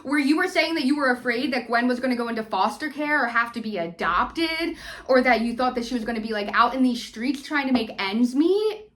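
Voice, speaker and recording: A young woman vlogs a casual reality TV recap in a slightly high voice. She talks loosely, stacking fillers like "like" and "you know", and gets heated as she rants about the episode. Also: animated, fairly quick, a bit bright. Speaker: recap vlogger.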